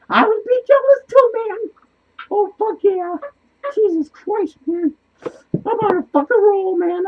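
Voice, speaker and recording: Casting: lonely, manic, foul-mouthed clown, squeaky and very high, in a muffled lo-fi home recording. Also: male voice. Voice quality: squeaky, swears constantly, laughs wildly. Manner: excitable, rambling, loses his train of thought. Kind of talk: comedic character monologue. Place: small cluttered home studio indoors.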